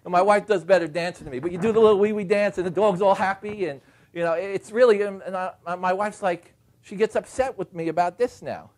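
A man's voice: high voice, a little fast. A man doing stand-up comedy, telling stories about home life and acting out the other people in them. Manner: animated, acts out quoted voices and shouts.

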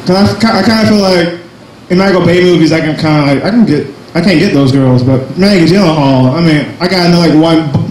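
A man's voice: a little high, fast, darkish tone, roomy sound, slight background noise, rough recording. A young man doing a crude, self-mocking stand-up set at an open mic, full of jumpy asides. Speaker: stand-up comedian. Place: small cafe comedy night.

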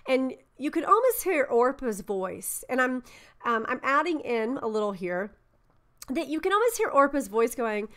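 A woman's voice: high-pitched, fairly bright tone. A woman teaching a Bible study in an earnest, conversational way, reading passages aloud and explaining them. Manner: earnest, conversational, with fillers and restarts.

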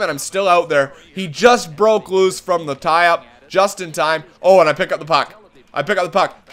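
A man's voice: a little high, lively intonation, normal speed, a bit bright. A man commenting on his own hockey video game play, calling the action like a broadcaster and swearing when it goes wrong. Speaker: gaming channel host.

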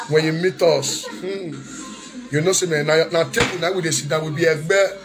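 Man, raised pitch, heated pleading monologue, Pidgin mixed in, soft music underneath. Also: moderate pace. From Nigeria. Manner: swings between shouting, pleading and singing, mixes Pidgin. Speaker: social media commentator. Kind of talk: emotional monologue. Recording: faint music behind.

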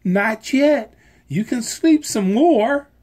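A reader as a gentle, caring mother frog. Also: medium pitch, animated, slow pace, voice pushed up. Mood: soothing. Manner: gentle, soothing, raised.

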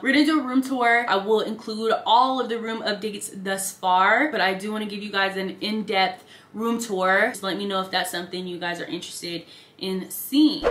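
A woman in her twenties chats casually while doing her makeup at a bedroom vanity for a get-ready-with-me lifestyle vlog. Her mid-range voice is a bit bright and reverberant, and she's chatty, upbeat, and slangy.

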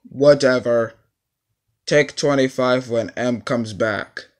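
Slow, smooth-voiced man directing takes. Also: medium pitch. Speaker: video maker voicing his own blooper skit. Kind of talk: homemade cartoon blooper skit.

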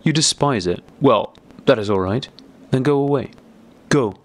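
A man's voice: medium pitch, brisk, close to an everyday voice. A man reading as a bitter, irritable older brother, speaking in an agitated, raised voice. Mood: angry.

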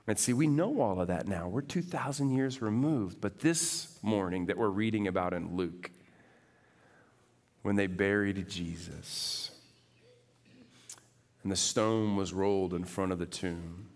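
Man preaching an animated sermon. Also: sits low, a little slow, pauses often, in a large hall. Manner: animated, swings from loud to hushed. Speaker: pastor. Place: church sanctuary.

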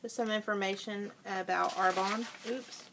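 A woman's voice: medium pitch, steady tone, moderate pace, gravelly, very noisy. A woman vlogger chatting casually through a product haul at home, talking while she eats.

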